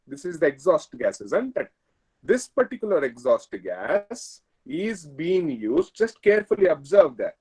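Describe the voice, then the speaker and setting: Male Indian lecturer, online class, lively pitch, mellow husky tone, checks understanding often. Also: rough recording. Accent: Indian, Kannada. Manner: explains step by step with checking questions. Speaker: engineering lecturer.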